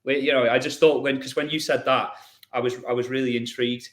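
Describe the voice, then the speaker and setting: A man's voice: medium pitch, flat delivery, fast talker. A man hosting a podcast in a casual, chatty way, often restarting and repeating words. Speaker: podcast host.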